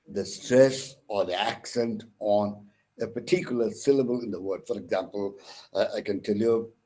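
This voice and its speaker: A man with an Indian English accent giving a recorded English lesson, spelling words out letter by letter and pausing often with "uh" and self-corrections. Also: on the low side, a little mellow, rough recording. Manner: frequent pauses with "uh" and self-corrections. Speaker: counsellor teaching English. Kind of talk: recorded lecture.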